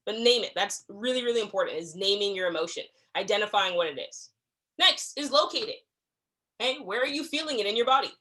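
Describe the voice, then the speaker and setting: A woman's voice: fairly high pitch, pushed and bright. A young adult woman leading a staff training talk, speaking conversationally with frequent check-ins and acting out little exchanges. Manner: acts out quoted exchanges. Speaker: workplace trainer.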